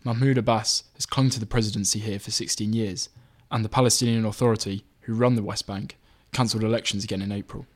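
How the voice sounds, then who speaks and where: A man reading his own magazine article aloud in measured, even scripted narration. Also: lowish voice.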